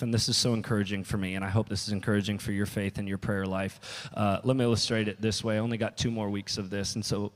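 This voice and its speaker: A man preaching a casual, story-filled sermon as pastor, often restarting and quoting himself. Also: on the low side. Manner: storytelling with restarts and quoted asides. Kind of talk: conversational sermon. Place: church hall. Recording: long reverb of a church hall.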